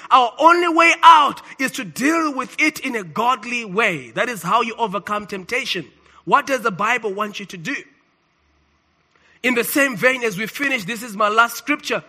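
A man preaching a sermon, emphatic and swinging between loud declarations and quiet asides. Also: very high-pitched.

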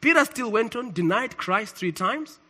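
A man preaching a sermon, emphatic and swinging between loud declarations and quiet asides. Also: high voice, animated, normal speed.

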